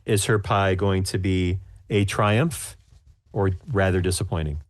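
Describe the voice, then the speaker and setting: A man runs a tabletop game as game master, low-pitched and relaxed. He rambles with plenty of fillers. The recording is dry and close. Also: measured pace, no echo.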